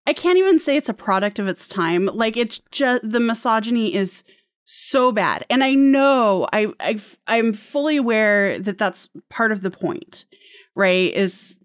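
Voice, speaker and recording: A woman's voice: a little high, lively intonation, unhurried, clear, resonant tone, dry recording, clean studio sound. A woman co-hosting a casual podcast chat, speaking emphatically and with frustration. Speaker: podcast co-host.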